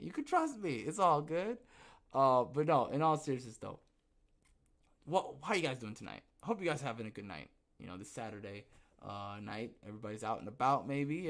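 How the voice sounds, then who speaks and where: A man's voice: mid-range voice, a bit bright. A man hosting a livestreamed podcast, talking casually and rambling, often laughing and tagging his sentences with "okay?". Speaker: podcast host.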